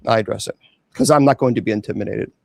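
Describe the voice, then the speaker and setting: A man's voice: lowish voice, fast, creaky, no room sound, clean studio sound. A man who is a clergyman hosting his own show, talking casually and defiantly to viewers about online trolls. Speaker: host and clergyman. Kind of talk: casual livestream talk.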